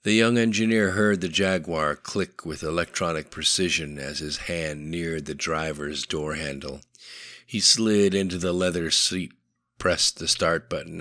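Male narrator, deep and bright-toned, dry close sound, steady storytelling. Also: dry recording. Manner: steady storytelling, voicing each character in dialogue. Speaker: audiobook narrator. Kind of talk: scripted narration.

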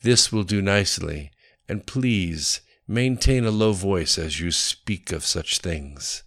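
A man reading the part of a cool, composed woman in an audiobook, calm and controlled. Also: low-pitched, takes it slowly, dry recording, clean studio sound, exaggerated voice.

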